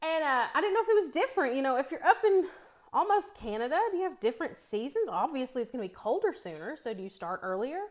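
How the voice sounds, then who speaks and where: A chatty middle-aged woman with a warm East Tennessee accent tells stories while cooking in a casual vlog. Her voice sits a bit high and she laughs easily between thoughts. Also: sing-song, fast talker. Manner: chatty storyteller, laughs often. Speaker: cooking vlogger.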